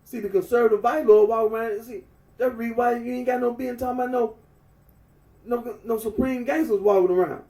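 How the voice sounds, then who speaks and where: A man's voice: extremely high pitch, steady tone, a little fast, dark tone. Male vlogger, emphatic rant with lots of repetition, recorded far off in a roomy, echoing space. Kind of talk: ranting monologue. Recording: echoey room, far from mic.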